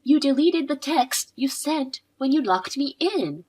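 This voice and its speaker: A woman narrating a scripted story in a measured, expressive way. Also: high-pitched. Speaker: narrator voicing the wife.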